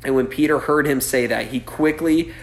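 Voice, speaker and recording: A man delivering a sermon with a loose, conversational flow, checking in with the room and using casual asides. His voice sits a bit high for a man. The sound carries a noticeable echo from the room. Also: moderate pace. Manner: conversational preaching, many "right?" and "like" asides. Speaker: pastor. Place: church gathering.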